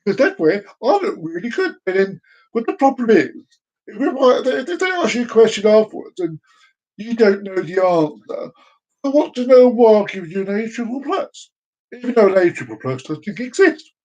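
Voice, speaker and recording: A man's voice: high-pitched, big pitch swings, normal speed, darkish tone, rough recording. A man talking in a rambling, teasing monologue for his video channel, with frequent restarts. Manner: teasing, chatty, many restarts. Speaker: vlogger.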